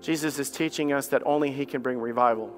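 A man's voice: fast talker, faint music behind. A man preaching a sermon as pastor, impassioned, stammering over repeated words and acting out the voices of doubters. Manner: impassioned, acts out doubting voices with rising pitch.

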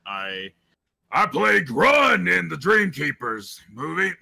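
A man's voice: fairly high pitch, very animated, slow, creaky, sharp tone, breathy edge. A man who voices a character, chatting and jokingly ribbing the host on a live stream. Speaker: voice actor guest. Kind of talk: casual chat on a live stream.

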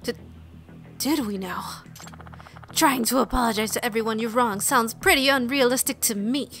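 A woman's voice: fairly high pitch, moderate pace, vocal fry, a bit bright, faint music behind. A woman playing a video game, reading the characters' lines aloud and slipping in muttered comments of her own. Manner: reads game text aloud with playful asides and mutters. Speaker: let's play streamer.

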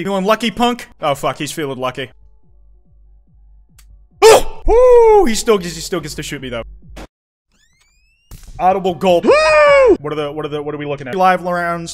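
A young man streaming a video game, swearing, talking to the screen and yelling when things go wrong. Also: a little high. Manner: excitable, profane, yells and shrieks at the game. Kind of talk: gaming commentary.

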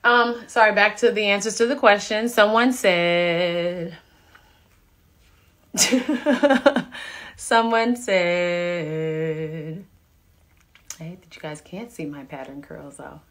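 A woman in her thirties hosting a casual live stream from home on a phone, chatting with viewers and reading out their comments in a relaxed, chatty way. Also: on the low side, slow pace, long pauses. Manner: relaxed, chatty, laughing asides. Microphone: phone camera.

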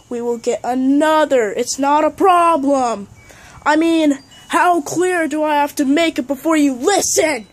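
A woman playing a bossy, short-tempered young film director in an amateur comedy sketch, scolding and exasperated. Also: high-pitched.

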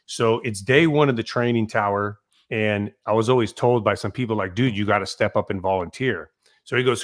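Middle-aged male firefighter guest; lively storyteller who voices the people in his tales. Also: fairly low pitch, a little fast. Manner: animated storyteller, swears, acts out quotes loudly. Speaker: podcast guest, fire captain. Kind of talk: casual storytelling.

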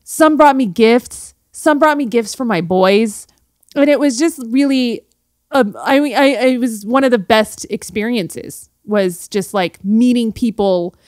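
A woman guest on a podcast in casual chat, talking in quick restarts and laughing easily. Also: fairly high pitch, darkish tone, no echo, clean studio sound.

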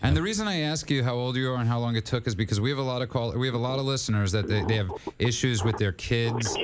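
A man's voice: mid-range voice, fast, a little hiss or hum. A man hosting a call-in radio show, earnest and encouraging, often repeating his words as he starts a sentence.

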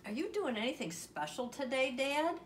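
A woman voicing a young boy frog in a read-aloud storybook, speaking high and eager. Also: lively intonation, normal speed, slight background noise. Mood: cheerful. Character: young boy frog, bouncy and easily worried. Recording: roomy, distant home recording.

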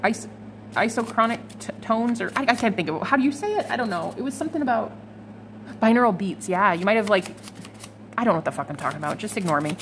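A woman gives a loose, chatty tarot reading straight to her viewers, swearing freely as she goes. Her voice sits at a middling pitch. A faint hiss of background noise runs under it. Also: lively intonation, fast talker. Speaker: tarot reader. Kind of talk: casual tarot reading vlog.

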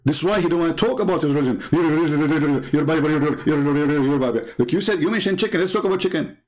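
Man, Arabic accent, taunting commentary, sarcastic, slightly high voice. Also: very fast, a little mellow. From Arab world. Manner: taunting, sarcastic, repeats words in bursts. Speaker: Christian apologist. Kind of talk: mocking polemical commentary.

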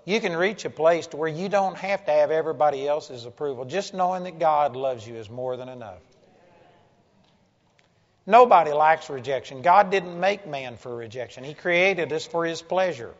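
Male preacher, high-pitched, plain-spoken and joking, dull lo-fi sound. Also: normal speed. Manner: folksy, blunt and joking. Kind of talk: sermon. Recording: dull lo-fi sound with long hall reverb.

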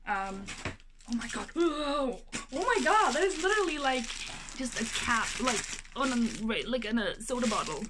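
A high-voiced young woman chats to the camera in her apartment while opening a package. She is talkative and excitable, breaking into gasps and exclamations between rambling asides. A faint hiss sits under the home recording. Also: normal speed. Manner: chatty and excitable, gasping and exclaiming, many fillers. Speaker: vlogger. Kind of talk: casual unboxing vlog.

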